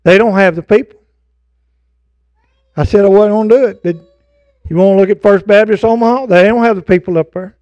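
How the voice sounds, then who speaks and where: A man's voice: high-pitched, fairly quick, long pauses, darkish tone, no room sound. An older man preaching a fervent sermon to his congregation, with folksy asides. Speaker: pastor. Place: church sanctuary.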